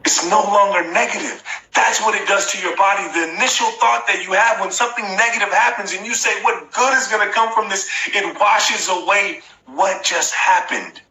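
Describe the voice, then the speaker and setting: A man in his forties speaks as a motivational host on a live stream, his voice ringing bright and a little high for a man. He leans on repetition and coaches his viewers directly. The sound is echoey, as if he were in a bare room. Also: normal speed.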